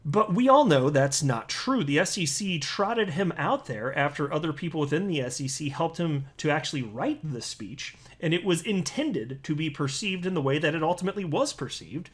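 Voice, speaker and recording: A man talks through his crypto commentary in a blunt, scornful way, often restarting his sentences. His voice sits a little higher than most men's. He delivers it as a casual monologue.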